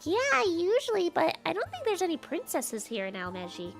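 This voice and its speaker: A woman's voice: extremely high pitch, wildly swooping pitch, normal speed, gravelly, soft background music, full character voice. A woman voicing a perky, teasing little winged fairy companion in a fantasy game. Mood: chirpy. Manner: chirpy, upbeat, teasing.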